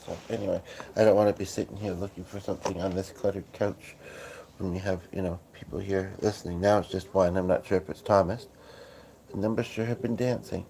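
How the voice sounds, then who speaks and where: A man hosting a casual livestream from his couch, talking in a groggy morning voice with many halting fillers and restarts. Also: low-pitched, steady tone, creaky, dark tone, slight background noise. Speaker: livestream host. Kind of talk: casual rambling livestream chat. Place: at home on a couch.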